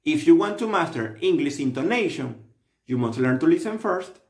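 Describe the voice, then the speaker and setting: Reading a scripted language lesson, this man teaches steadily and instructively at a moderate pace. Lively intonation moves his fairly high voice up and down, and a clear room echo colors the audio.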